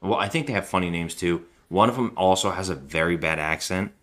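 A man's voice: sits low, fairly quick, fairly bright tone. A man co-hosting a podcast, chatting casually and ramblingly while he reviews a movie. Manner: chatty, rambling, jokey impressions. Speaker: podcast co-host.

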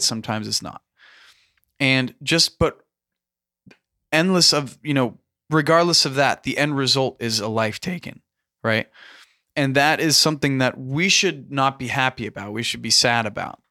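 Earnest man, halting delivery with restarts, bright sound. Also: medium pitch. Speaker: podcast host. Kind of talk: casual discussion.

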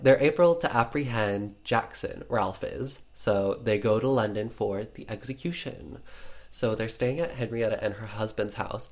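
Chatty man with a lowish voice. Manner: chatty, filler-heavy retelling with playful sarcasm. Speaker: podcast host recapping a film. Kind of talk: casual chat.

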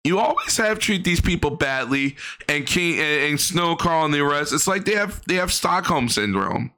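A man's voice: fairly high pitch, animated, moderate pace, pushed and bright. A man giving blunt, profane commentary on a livestream, ranting in exasperation.

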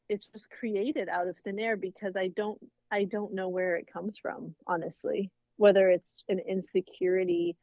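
Low-pitched woman, thoughtful coach. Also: vocal fry, no room sound, narrow, tinny audio. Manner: thoughtful, conversational. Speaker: soccer coach, guest. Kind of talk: casual interview chat.

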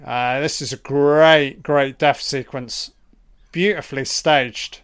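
Slow, crisp-voiced swearing film commentator man. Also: medium pitch, steady tone, a bit bright.

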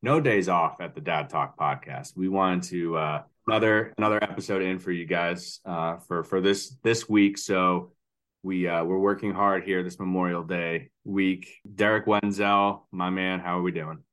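Rambling low-voiced man co-hosting a podcast. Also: fairly even intonation, moderate pace, a bit bright. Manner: rambling, laughs easily, restarts sentences. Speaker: podcast co-host. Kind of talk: casual chat.

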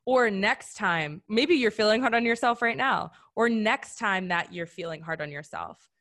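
A woman leads a live workshop over a video call, her voice mid-pitched and easy. She talks in a friendly, encouraging way and keeps checking in with her listeners. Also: expressive, normal speed. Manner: warm, encouraging, conversational with many "right?" tags. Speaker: workshop facilitator.

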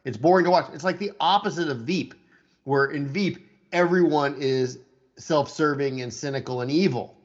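A man's voice: a little high, normal speed. A man living in Texas, chatting casually about television, blunt and opinionated, with stammering restarts. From Texas, USA. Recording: dull lo-fi sound.

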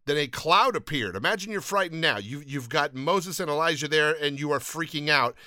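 A man with a bright, fairly high voice hosts a Bible podcast in a casual, earnest way. He is eager and self-deprecating, and he often trips over his words and starts sentences again. His voice sounds close and dry, with no room echo. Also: expressive, brisk. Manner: earnest, enthusiastic, self-deprecating, many restarts. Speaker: podcast host. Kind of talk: casual Bible podcast talk and scripture reading.

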